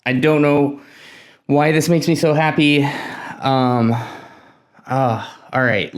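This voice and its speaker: A man at a middle pitch talks casually while testing electronics on his bench. He mutters to himself, nervous and easily excited. His tone stays chatty and hands-on. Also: clean tone. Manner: nervous, excitable, self-talking while working. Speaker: tech hobbyist host. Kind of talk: casual hands-on build vlog.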